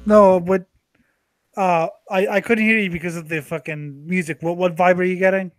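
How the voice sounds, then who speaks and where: A young man co-hosting a podcast, bantering crudely, profane and teasing, quick to laugh. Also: sits high, steady tone, dry recording. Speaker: podcast co-host.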